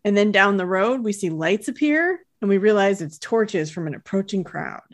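A woman's voice: medium pitch, lively intonation, normal speed. Chatty woman recapping an episode. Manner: chatty, laughs while retelling scenes. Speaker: podcast co-host. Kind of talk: casual recap chat.

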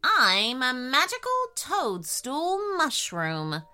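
A woman's voice: high voice, wildly swooping pitch, takes it slowly, pushed and bright, smooth, exaggerated voice. A woman voicing a magical talking mushroom in a children's story, indignant at being poked but offering wishes. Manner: indignant then generous, a storybook voice.

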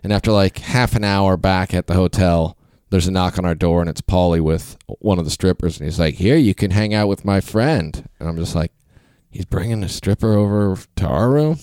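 A man's voice: low voice, normal speed, few pauses, clean tone, dry recording, studio quality. A man hosting a podcast, telling a loose, swearing anecdote and acting out what other people said. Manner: relaxed, swears freely, acts out other people's lines. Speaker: podcast host. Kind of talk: casual storytelling chat.

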